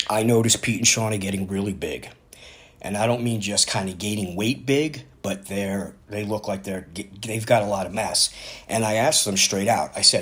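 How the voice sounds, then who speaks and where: A man's voice: low voice, fairly bright tone. A man in his fifties casually telling a personal story, rambling and correcting himself as he goes. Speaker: vlogger.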